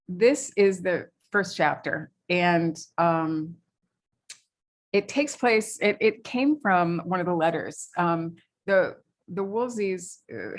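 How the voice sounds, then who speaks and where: A woman from New England reads aloud from her novel at a library talk. Her voice sits on the low side, and she pauses with fillers between passages. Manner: hesitant with fillers between readings. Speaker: author.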